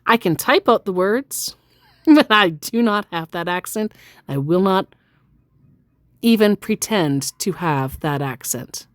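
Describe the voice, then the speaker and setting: A woman's voice: fairly low pitch, animated, takes it slowly, dry recording. A woman casually telling a story about chatting with a scammer, chatty and self-deprecating, with frequent fillers. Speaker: storyteller recounting a chat with a scammer. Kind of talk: casual storytelling, reading out text messages.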